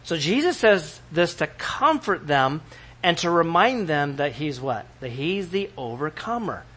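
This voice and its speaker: Animated male pastor, sermon delivery, bright and slightly high-pitched, dramatic outbursts. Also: a little slow, breathy edge. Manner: animated, acts out biblical quotes with sudden shouts.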